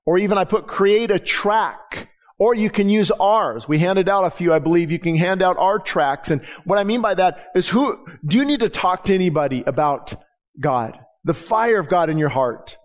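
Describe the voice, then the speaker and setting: A man's voice: high voice, moderate pace. A middle-aged man, a pastor giving a conversational sermon and acting out the dialogue in his stories. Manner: conversational preaching, acts out dialogue in anecdotes.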